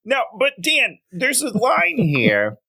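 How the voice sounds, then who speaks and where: A man's voice: very high-pitched, slow, gravelly. A man from Minnesota co-hosting a casual comedic chat, joking around and putting on little voices as he retells scenes. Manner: animated, jokey, puts on voices when retelling. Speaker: podcast co-host.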